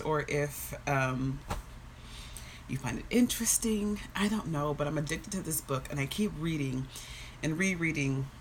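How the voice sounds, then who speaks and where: Casting: soft-spoken woman, low-pitched, earnest and emotional, on the edge of tears, faint background hiss on a phone. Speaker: fitness social media host. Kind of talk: casual live-stream talk and reading aloud.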